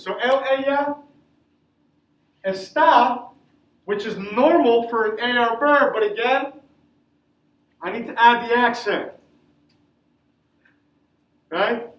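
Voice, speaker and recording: A man's voice: extremely high pitch, measured pace, pauses often, a bit bright. A man teaching Spanish grammar to a class, asking the students questions and answering them himself. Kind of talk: classroom lesson. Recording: echoey classroom from far off.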